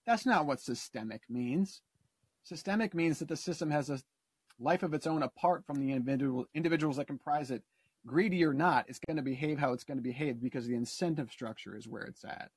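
A man's voice: medium pitch, brisk, husky, dry recording. A man calling in to a talk show, ranting passionately and rambling until he loses his thread. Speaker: caller. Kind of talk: casual call-in rant.

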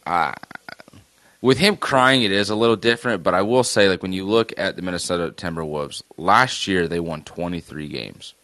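A man co-hosting a sports podcast, talking casually in relaxed, self-mocking banter. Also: low voice, normal speed, dry recording. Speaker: podcast co-host.

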